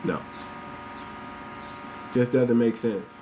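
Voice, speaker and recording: A man's voice: medium pitch, extremely slow, noisy background. A man hosting a podcast, giving blunt, repetitive commentary straight to his listeners. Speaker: podcast host. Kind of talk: casual commentary monologue.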